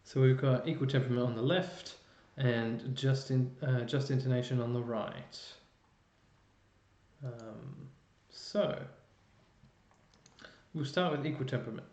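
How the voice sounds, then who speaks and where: This man, a chorus music educator, speaks unhurriedly with frequent pauses in a medium, slightly mellow voice. He explains an online music lesson step by step while thinking aloud at his computer, recorded in a roomy, dull lo-fi way with faint noise.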